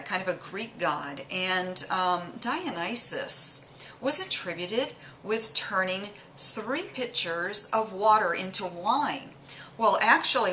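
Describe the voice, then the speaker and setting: A rambling, bright-voiced woman. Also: medium pitch, slight background noise, poor audio. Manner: rambling and hesitant, lots of ums and self-corrections; playfully mocking. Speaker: vlogger. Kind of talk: casual chat while showing her drawings.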